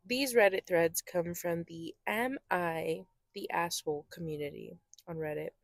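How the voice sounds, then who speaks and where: A woman's voice: lowish voice, measured pace, vocal fry, no echo. Giggly woman podcast co-host, dry sound. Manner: giggly, playful, slips into silly accents. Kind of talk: casual chat.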